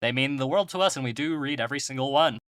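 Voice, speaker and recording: A man's voice: mid-range voice, fast, a bit bright, dry recording. A young man hosting a podcast, wrapping up the show with upbeat, joking plugs and banter. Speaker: podcast host. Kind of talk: casual chat and show outro.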